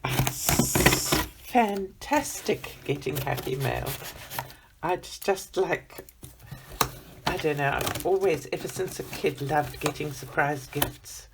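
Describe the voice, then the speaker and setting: Gushing woman with a gravelly voice. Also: deep voice, expressive, takes it slowly, background noise. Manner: gushing, gasping, exclamatory. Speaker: vlogger unboxing gifts. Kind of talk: excited unboxing chat.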